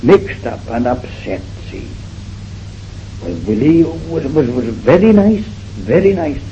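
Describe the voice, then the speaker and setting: A man's voice: a little high, animated, slow pace, warm tone. A man with a Welsh accent playing a fretful, gossiping housewife in a comic monologue. He is flustered and breathless and keeps repeating himself. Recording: dull old recording with faint hiss.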